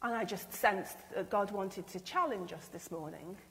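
A woman preaches with earnest feeling, her voice at a middle pitch. She acts out what she imagines people saying as she goes. Her words ring out with the long reverb of a church. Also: moderate pace, fairly bright tone. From England. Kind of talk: sermon.

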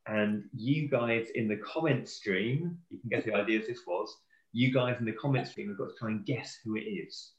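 A man's voice: fairly low pitch, moderate pace, muffled recording. A man in his thirties hosting a casual church live stream, friendly and rambling, often correcting himself. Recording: echoey room.

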